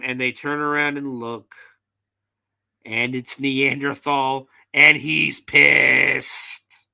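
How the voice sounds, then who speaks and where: Male podcast host, casual and profane recapper, fairly high voice. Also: gravelly, pushed and bright, smooth. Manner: profane, loose storytelling with fillers.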